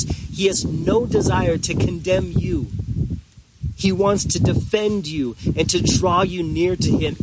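A man preaching a sermon as pastor, earnest and deliberate, with drawn-out pauses for emphasis. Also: fairly high pitch, very noisy.

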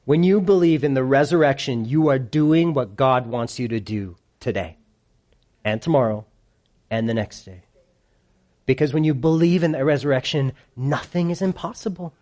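A man preaching a sermon to a congregation with kids present, animated and playful, swinging from hushed lows to loud peaks. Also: moderate pace. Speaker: pastor.

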